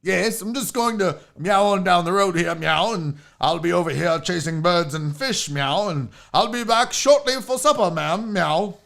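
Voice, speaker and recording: A man's voice: sits high, normal speed, creaky, few pauses, a bit bright. A man voicing a snooty upper-crust male cat with a put-on English accent and a haughty drawl. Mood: prim.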